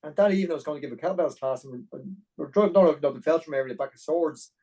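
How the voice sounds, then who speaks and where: A middle-aged Irish man telling a long personal story as a podcast guest, animated and full of detail. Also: fairly high pitch, rough recording. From Ireland. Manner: animated, fast-paced anecdotal storytelling. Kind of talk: storytelling interview.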